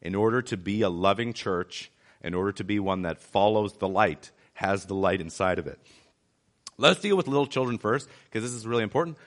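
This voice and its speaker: A man's voice: lowish voice, a bit bright. A man giving a conversational sermon as a church pastor, driving his points home by repeating them. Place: city church.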